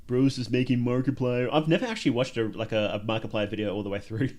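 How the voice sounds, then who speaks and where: A man streams casual reaction commentary, rambling and joking with his chat. He laughs often and his voice sits at an ordinary middle pitch. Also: quick pace, hardly any pauses, darkish tone.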